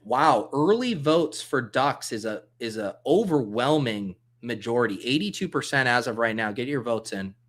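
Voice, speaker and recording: Bright-voiced man chatting on a livestream. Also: mid-range voice, expressive, normal speed, few pauses. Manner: thinks aloud, reads chat comments, loose and joking. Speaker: livestream host drafting fantasy football. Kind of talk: casual livestream chat.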